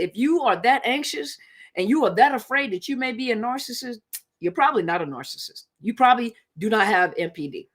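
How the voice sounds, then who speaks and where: A woman's voice: a little high, expressive, brisk, a bit bright. A woman hosting a casual live stream, speaking in a conversational, emphatic way and repeating her points to drive them home. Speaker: live-stream host on relationships.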